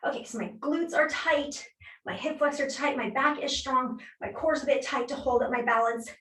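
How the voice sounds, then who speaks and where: Fitness instructor lady counting reps and cheering folks on, kinda high voice, a bit breathless, far from the mic in an echoey room. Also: moderate pace, a bit bright. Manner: encouraging, counts reps aloud while exercising. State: slightly out of breath while exercising. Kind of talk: live workout class instruction.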